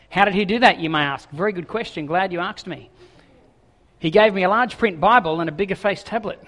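A man with a high, bright voice preaches in a casual, joking way, tripping over his words and repeating them as he goes. His voice rings out with a long hall reverb around it. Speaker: pastor. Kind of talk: sermon with jokes.

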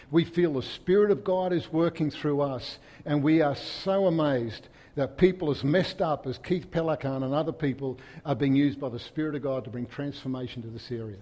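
A man preaching a sermon in a church, swinging from loud, emphatic peaks to soft, hushed stretches. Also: fairly high pitch, long reverb tail. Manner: impassioned, rising to loud emphatic peaks then dropping soft. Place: church hall.

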